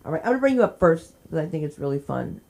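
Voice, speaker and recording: Loud, laughing woman emcee. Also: low-pitched, very animated, very fast, vocal fry. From New Jersey. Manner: loud, laughs often, shouts and cries out in bits. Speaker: open mic host. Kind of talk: stand-up comedy and emceeing.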